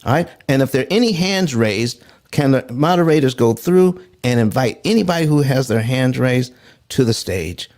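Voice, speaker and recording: A man hosting a live finance show, talking excitedly to his audience, reading out chat comments and repeating himself as he works through loan numbers. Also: mid-range voice, moderate pace. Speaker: host.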